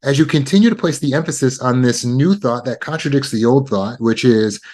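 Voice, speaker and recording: A man teaching self-help in a steady, mid-pitched voice. He explains each step plainly and says his key points again and again. He speaks like someone coaching a group through an exercise. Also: fairly quick, few pauses. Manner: repetitive, instructive, walks through steps. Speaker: trauma recovery teacher.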